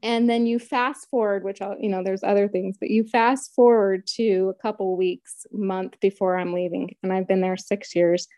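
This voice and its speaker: A woman's voice: medium pitch, steady tone, normal speed, hardly any pauses, mellow, dry recording, clean studio sound. A middle-aged woman telling her own story in casual conversation, retelling events vividly and acting out quotes.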